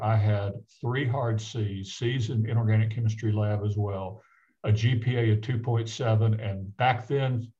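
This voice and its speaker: An older man from the American South, a physician guest, telling a personal story in an earnest, halting way with frequent restarts. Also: on the low side, darkish tone. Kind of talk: reflective personal storytelling in conversation. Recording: dull lo-fi audio.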